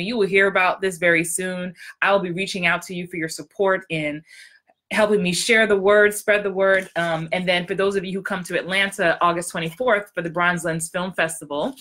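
Woman acting coach, excitable, chatty, direct to camera; bright, forward tone. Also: fairly low pitch. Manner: excitable, upbeat, talks straight to viewers. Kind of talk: casual livestream chat.

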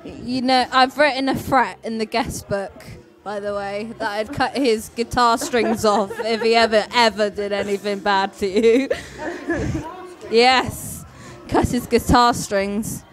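A woman with a slightly high voice speaks slowly as a maid of honour, teasing and gushing into a camera. Faint music plays at the reception behind her. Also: fairly even intonation. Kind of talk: casual chat to a wedding video booth.

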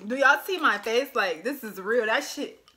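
A young woman filming a casual eating-challenge vlog, complaining loudly and laughing about the burning heat. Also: on the high side, expressive, normal speed, slight background noise. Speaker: vlogger.

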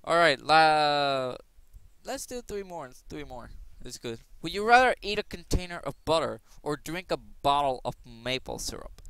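A man's voice: a little high, lively intonation, a little slow, creaky, fairly bright tone, clear, resonant tone, no room sound. A young man hosting his channel, rambling and joking his way through quiz questions, now and then breaking into silly voices. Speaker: gaming channel host. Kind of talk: casual commentary playing a quiz game.

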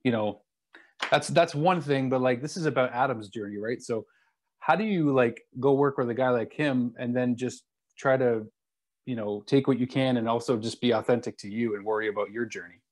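A man hosting his own show, introducing a guest and asking questions in a relaxed, friendly way with lots of fillers. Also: medium pitch, moderate pace. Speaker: show host. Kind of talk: casual interview.

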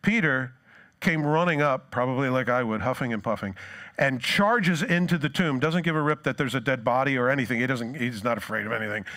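A man's voice: medium pitch, brisk. Storytelling male pastor preaching. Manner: animated storytelling, acts out quoted lines. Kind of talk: sermon.

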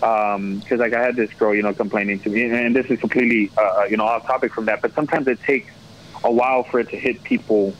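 A man's voice: fairly low pitch, steady tone, fast. A man in his twenties, a podcast guest, telling a rambling story and quoting himself as he goes. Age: 20s. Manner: rambling, quotes himself with "I was like". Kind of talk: casual storytelling. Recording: dull lo-fi sound with faint noise.

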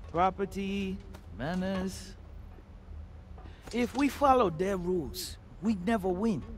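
An actor voicing a soft-spoken, menacing male pirate captain in a video game. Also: fairly high pitch. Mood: cold.

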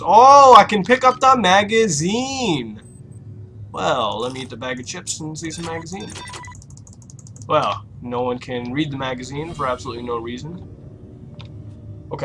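A young man commentating a horror game let's play, swearing a lot and reacting loudly with jumpy outbursts. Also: mid-range voice. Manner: loud, profane, jumpy reactions. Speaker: gaming YouTuber.

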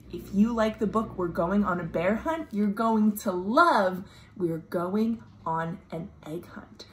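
A woman librarian doing a children's storytime read-aloud at home, animated, with delighted gasps and sing-song refrains. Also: mid-range voice. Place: home room. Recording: roomy home recording with faint appliance hum. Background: dishwasher running.

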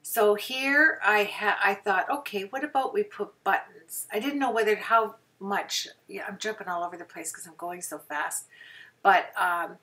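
A woman talks through her craft project at a home table, chatty and rambling, with little apologies as she goes. She speaks at an unhurried, slow pace, and her voice sits a little back from the mic. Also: mid-range voice, bright, forceful tone, far from the mic. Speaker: craft video host. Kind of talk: casual craft tutorial talk.

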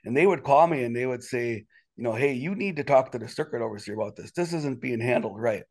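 A man telling a personal story as an interview guest in a casual, rambling way, with sudden indignant rises in his voice. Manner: animated, quick jumps in pitch when indignant; rambling with many restarts and "you know".

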